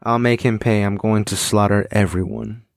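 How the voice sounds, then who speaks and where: A man reading the lines of a vengeful, cackling male tyrant aloud from a comic, in a low voice. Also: fairly even intonation, moderate pace, creaky, dry recording, clean studio sound.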